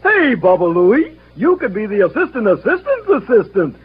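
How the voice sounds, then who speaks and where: A man's voice: sits high, wildly swooping pitch, normal speed. A man voicing a brash, blustery male cartoon horse who bosses others around as foreman. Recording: dull vintage cartoon soundtrack with music.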